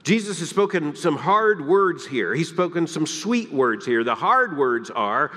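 A man from the Deep South, preaching a sermon, emphatic and swinging between loud peaks and hushed, quiet lines. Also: sing-song, unhurried, long reverb tail. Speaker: pastor. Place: church sanctuary.

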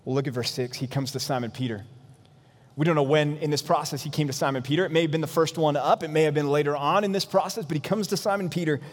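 A man's voice: on the high side, fairly even intonation, fast talker, big-room sound. A man pastor preaching an earnest, emphatic sermon in a church.

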